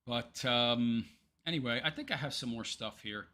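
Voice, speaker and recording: Bright-voiced rambling male streamer. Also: mid-range voice, moderate pace. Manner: rambling, hesitant, many ums and restarts. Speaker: livestream commentary host. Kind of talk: casual livestream commentary.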